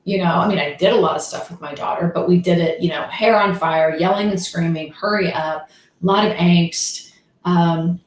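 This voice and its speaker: A woman's voice: lowish voice, normal speed. A middle-aged woman coach talking candidly and casually, full of fillers and rhetorical questions. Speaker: coach and host. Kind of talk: casual motivational talk. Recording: echoey room, faint noise.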